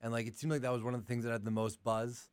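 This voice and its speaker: A man's voice: mid-range voice, level tone, very fast, clean tone. Congested, chatty male podcast co-host. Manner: chatty, lots of "like" fillers. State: congested from allergies. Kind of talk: casual podcast chat.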